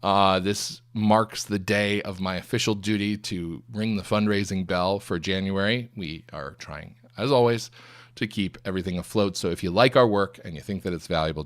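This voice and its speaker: A young adult man, a show host, giving casual closing remarks and a fundraising appeal in a relaxed, joking, self-deprecating way. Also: low-pitched.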